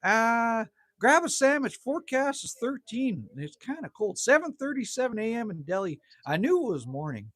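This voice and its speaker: A man's voice: extremely high pitch, sing-song, normal speed, a bit bright, dry recording, clean studio sound. A man from Manitoba hosts a casual outdoor livestream from his cabin in the evening. He chats with viewers in a laid-back way, teasing himself and tossing in "man" and mild swearing. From Manitoba, Canada. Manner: laid-back and chatty, teases himself, swears lightly, says "man" often. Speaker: livestream host. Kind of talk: casual livestream chat reading viewer comments.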